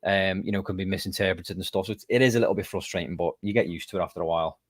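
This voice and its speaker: A man's voice: deep voice, rapid-fire, dry recording, clean studio sound. A man from the UK with a British accent, chatting casually as a podcast guest and telling stories with a laugh. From United Kingdom. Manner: laughing storyteller, animated retelling. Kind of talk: casual chat.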